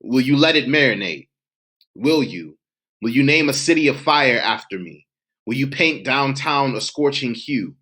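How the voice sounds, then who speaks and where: A man's voice: mid-range voice, lively intonation, moderate pace, sharp tone. Man performing rhythmic spoken word poetry. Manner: rhythmic, emphatic, cadenced delivery. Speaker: poet. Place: home, virtual showcase submission.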